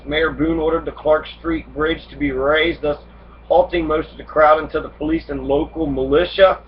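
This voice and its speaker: A man giving a casual history lecture, reading passages and then riffing on them with heavy profanity. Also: fairly high pitch. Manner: acts out immigrants' complaints in angry voice. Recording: dull distant lo-fi recording with faint noise.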